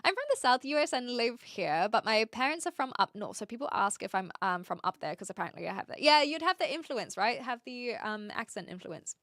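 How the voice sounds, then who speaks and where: A woman's voice: on the high side, sing-song, brisk, hardly any pauses, fairly bright tone, dry recording, studio quality. A woman with an English accent, a streamer chatting casually and rambling as she answers questions from her live chat.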